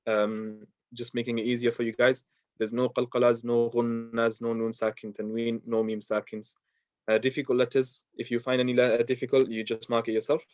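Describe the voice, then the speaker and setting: Male teacher, mid-pitched, patient and unhurried, dry close room, slightly muffled. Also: dry recording. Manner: patient, explains step by step with many fillers. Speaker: Quran tajweed teacher. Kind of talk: online lesson.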